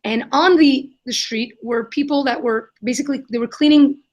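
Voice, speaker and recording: A young adult woman answering questions in a live Q&A, telling an animated story and acting out the voices of the people in it. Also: high voice, normal speed, highs cut off. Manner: animated, acts out quoted voices. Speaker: guest, kindness nonprofit founder.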